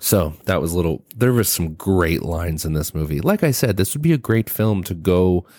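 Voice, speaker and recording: A man's voice: low-pitched, expressive, moderate pace, darkish tone, dry recording, clean studio sound. A man hosting a casual movie review podcast, rambling and swearing, with lots of fillers and restarts. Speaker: podcast host.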